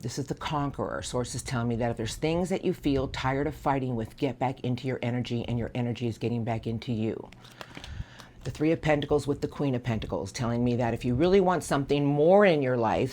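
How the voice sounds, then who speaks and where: Tarot reader, earnest and encouraging, mid pitch, faint background hiss. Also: a little fast, a little mellow. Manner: earnest, encouraging, speaks to an unseen source. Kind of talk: tarot reading.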